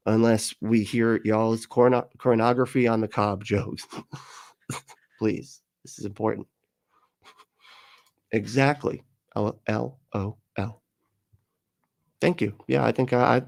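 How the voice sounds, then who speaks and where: A man's voice: medium pitch, vocal fry, darkish tone. A man hosting a livestream, reading chat comments in a rambling, jokey way and laughing often.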